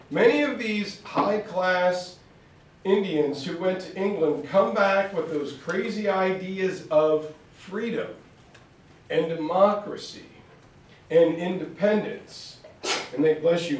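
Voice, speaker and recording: A male history teacher giving a lively, playful classroom lecture, slipping into quick mock voices. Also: high voice. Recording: echoey room, far from mic.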